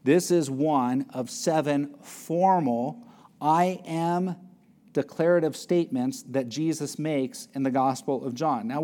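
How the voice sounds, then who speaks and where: Emphatic male preacher with a higher voice. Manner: emphatic, varies pitch and loudness for stress. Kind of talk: sermon.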